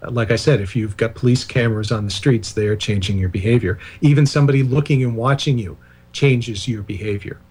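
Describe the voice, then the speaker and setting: A man's voice: medium pitch, brisk, a little mellow, husky. Digressive male author on a radio call-in. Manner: discursive, digressive, self-deprecating asides. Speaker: author and filmmaker guest. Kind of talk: radio interview talk.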